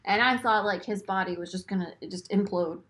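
A woman chatting casually and excitedly about a movie, rambling with lots of fillers and small laughs. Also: medium pitch, fairly quick, slight background noise. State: burping after beer. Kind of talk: casual chat.

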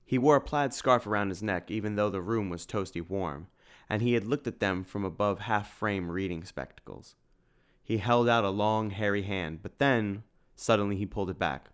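A man narrating a storybook in a steady storytelling manner. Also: lowish voice, normal speed, clean tone. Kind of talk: audiobook narration.

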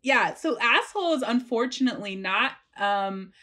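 A woman's voice: a little high, animated, moderate pace, bright, forceful tone. A woman co-hosting a podcast in casual chat, laughing easily and tripping over words as she reads. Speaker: podcast co-host. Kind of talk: casual chat, reading etymology notes.

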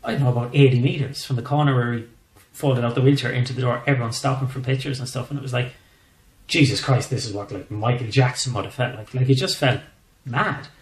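An Irish man in a casual interview chat, swearing freely and telling animated stories. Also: mid-range voice, fast talker, roomy sound, poor audio. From Ireland. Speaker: guest comedian.

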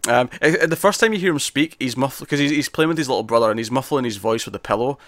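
A man's voice: medium pitch, fast, a bit bright, no room sound, studio quality. A man, talking in a hesitant way with many restarts and fillers. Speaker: film reviewer. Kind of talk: casual film discussion.

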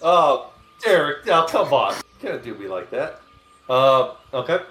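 A man's voice: mid-range voice, very animated, unhurried, a bit bright, roomy sound, soft background music. A man playing a tabletop game, joking and pleading in casual chat. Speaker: player.

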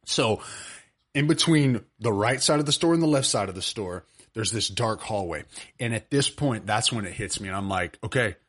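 Podcast co-host, man in his twenties, lowish voice, animated storyteller acting out voices. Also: moderate pace. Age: 20s. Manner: animated storyteller who acts out voices and laughs often. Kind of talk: casual storytelling chat. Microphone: video call.

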